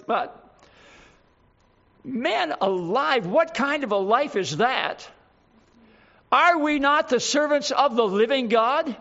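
A man's voice: extremely high pitch, animated, slow, creaky, long pauses, pushed and bright. A man preaching a sermon, pressing his point with repeated rhetorical questions. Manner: emphatic, repetitive rhetorical questions. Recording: dull lo-fi recording.

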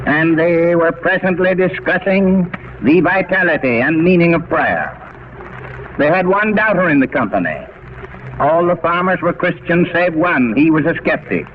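A man preaching a sermon in a deliberate, rhetorical manner who repeats words for emphasis. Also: fairly high pitch. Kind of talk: radio sermon. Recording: dull, faintly hissy old radio recording.

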